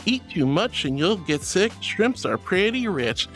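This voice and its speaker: Bubbly high-voiced man streamer. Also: big pitch swings, measured pace, a bit bright, faint music behind. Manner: effusive, calls viewers honey and sweetie. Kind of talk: casual chat reading viewer messages.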